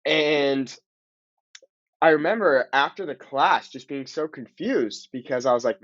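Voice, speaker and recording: A man's voice: fairly high pitch, measured pace, fairly bright tone, no echo. A young man, telling stories as a guest and acting out his own quotes. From Southern California. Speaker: guest, language teacher. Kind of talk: casual interview chat. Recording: dull lo-fi audio.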